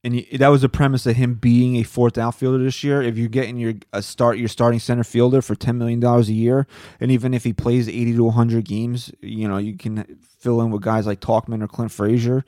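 A man co-hosting a sports podcast, talking in an animated, profane rant at a middle pitch. The sound is dry and close, with no room around his voice. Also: fairly quick, dry recording. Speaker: podcast co-host. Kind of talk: casual sports chat.

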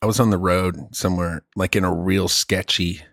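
A man telling stories in casual chat, animated and swearing, saying "dude" a lot. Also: sits low, moderate pace, no echo, studio quality.

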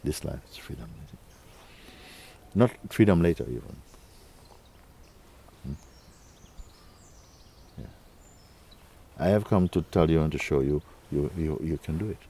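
A man giving an unhurried spiritual talk as a teacher to a gathering. He coaxes his listeners, often asks "you see?", and chuckles between phrases. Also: rumbling low, creaky, warm tone, breathy edge.

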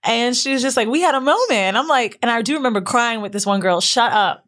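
A woman co-hosting a podcast, telling stories in casual chat, profane and animated, acting out what people said and laughing often. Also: fairly high pitch, fast talker. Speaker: podcast co-host.

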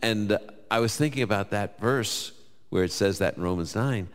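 A man with a New York accent fields Bible questions before a live audience. His voice is very low, and he mixes scripture quotes with casual asides. A long hall reverb trails each phrase. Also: moderate pace. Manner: conversational, lively, quotes scripture, jokes.

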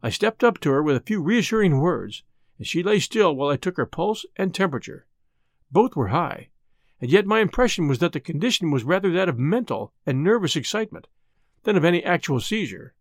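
A man reading a detective story aloud with expressive storytelling. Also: a little high, fairly quick, dry recording, studio quality. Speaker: audiobook narrator. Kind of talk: scripted narration.

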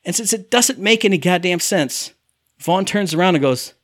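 A man rants animatedly in casual chat, his slightly high voice swinging widely as he acts out characters' lines. The sound is dry and close, with no room around it. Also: animated, moderate pace, a bit bright, dry recording. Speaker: podcast co-host reviewing a game. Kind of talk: casual chat, ranting review.

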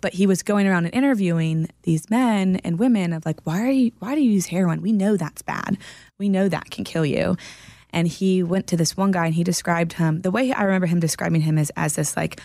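A woman shares a story in an earnest, encouraging way during a casual chat. Her voice is low and gravelly. The recording is dry and close. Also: fairly quick, dark tone, no echo.

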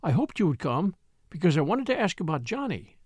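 A man reading an audiobook, voicing a calm, kind young woman with a composed, tolerant manner. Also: sits high, brisk, slightly rough, no echo, clean studio sound, heavily acted.

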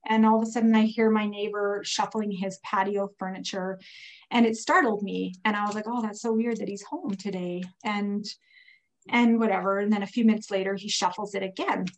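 A woman's voice: mid-range voice, steady tone, brisk, rough recording. A woman recovering from pneumonia, telling a personal faith story in casual, earnest speech full of fillers. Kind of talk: casual testimony.

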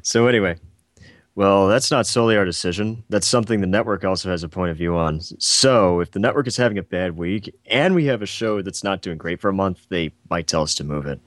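A man on a casual podcast, calmly answering fan questions in a matter-of-fact way. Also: sits low, a little fast, no echo, clean studio sound. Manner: calm, matter-of-fact explainer.

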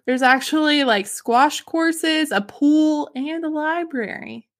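A woman with a high, light voice chats on a podcast, reading off fun facts. She laughs easily and sounds keen on her subject. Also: slow pace, fairly bright tone. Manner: giggly and enthusiastic. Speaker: podcast host. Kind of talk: casual chat, reading out facts.

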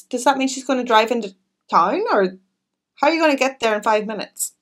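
Expressive woman reading aloud. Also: on the high side, moderate pace. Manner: expressive, chatty. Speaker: audiobook narrator. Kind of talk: reading a classic novel aloud with chatty asides.

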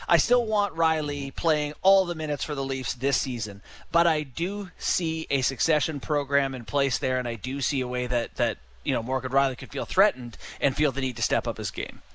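A man's voice: mid-range voice, normal speed, few pauses, fairly bright tone. A man with a Canadian accent co-hosting a sports radio show, musing aloud and posing rhetorical questions. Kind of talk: casual sports talk.

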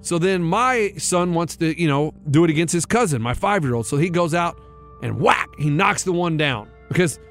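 A man's voice: fairly high pitch, normal speed, soft background music. A man in his thirties, a radio show co-host, telling a rambling story and acting out the voices in it. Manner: rambling animated storytelling, acts out quotes. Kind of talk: casual chat, storytelling.

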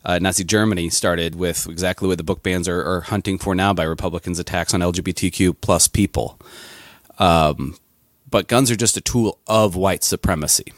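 A man's voice: sits low, moderate pace, dry recording, studio quality. A man co-hosting a political podcast, talking with passion and often restarting his sentences. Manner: impassioned, with frequent restarts and fillers. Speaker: podcast co-host.

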